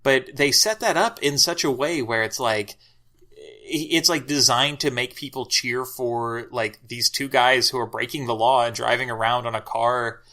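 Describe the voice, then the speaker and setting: Thoughtful man, bright tone, halting. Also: mid-range voice. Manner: hesitant, lots of filler words, reflective. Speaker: podcast guest. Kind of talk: casual discussion.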